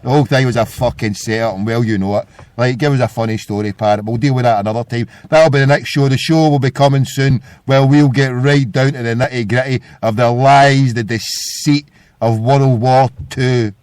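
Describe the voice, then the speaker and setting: A man's voice: mid-range voice, steady tone, fairly quick, a little mellow, no echo. A Scottish man hosting a podcast, ranting in a combative, sweary, insistent way. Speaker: podcast host. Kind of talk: casual podcast rant.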